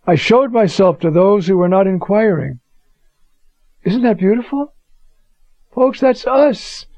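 With a high-pitched, mellow voice and no echo, an older Bible teacher leads an informal lesson, sharing personal stories folksily and often asking "you see?". The sound is dull, lo-fi, and dry.

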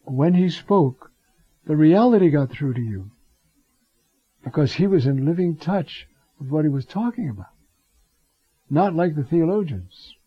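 Unhurried man teaching scripture, dull lo-fi sound. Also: fairly high pitch, animated, breathy edge, dry recording. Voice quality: reads Greek phrases aloud and acts out quoted voices. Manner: unhurried, conversational, with many fillers and restarts. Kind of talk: bible teaching talk. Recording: dull lo-fi recording.

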